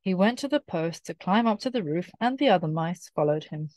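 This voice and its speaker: A woman reading a children's storybook aloud in a clear, careful way, repeating key phrases slowly. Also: lowish voice, animated, a little mellow, no room sound, clean studio sound. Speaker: storybook reader.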